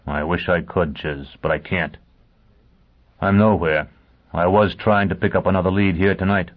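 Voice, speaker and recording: A hard, single-minded hunter who talks in short, blunt lines, as a male audiobook reader voices him. The voice is very deep. It is squeezed into a thin, phone-like band. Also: steady tone, normal speed. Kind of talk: audiobook character voice. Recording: tinny phone-like sound.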